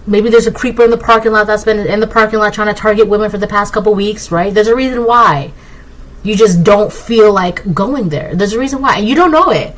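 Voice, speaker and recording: A woman giving a casual collective tarot reading, rambling and excitable, often tagging her points with "right?". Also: mid-range voice, rough recording. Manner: keeps asking "right?". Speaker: tarot reader.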